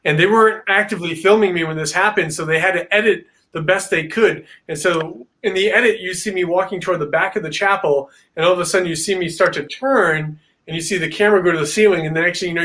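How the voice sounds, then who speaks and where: A man as a guest on a video-call interview, telling a story in a rambling, filler-heavy, animated way. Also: high voice, fast, hardly any pauses. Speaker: paranormal investigator guest.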